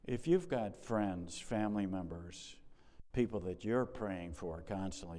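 A man's voice: low-pitched, animated, a little slow, dark tone. A middle-aged male pastor preaching a sermon in a conversational way that rises to emphatic peaks, in a church sanctuary. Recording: long hall reverb.

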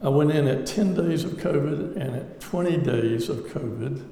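The voice is fairly high and warm, with vocal fry, at a normal speed, and some slight background noise is present. It belongs to a lay speaker giving an earnest, reflective testimony laced with wry humor to an audience in a large hall, captured with echo and faint ambience.

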